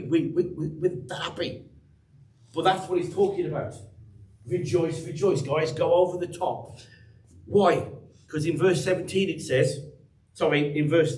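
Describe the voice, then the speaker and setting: A man's voice: on the high side, darkish tone, roomy sound, recorded from a distance, poor audio. An English man preaching a sermon as pastor, chatty and teasing the congregation by name. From England. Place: church hall.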